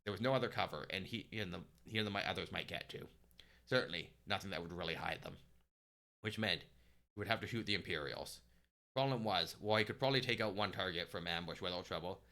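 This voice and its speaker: A man narrating a story aloud on a live stream, steady with small restarts. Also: low voice.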